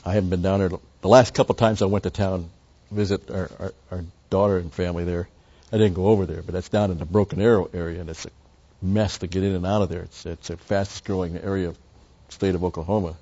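A man's voice: deep voice, fairly even intonation, fast, dark tone, lo-fi sound. An older man teaching a Bible study lecture in a rambling, conversational way full of asides.

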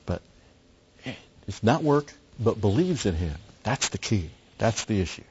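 A man preaching an expository sermon in a deliberate way, with pauses and emphatic rises, on a slightly muffled recording. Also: fairly low pitch, big pitch swings, darkish tone, husky. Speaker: pastor.

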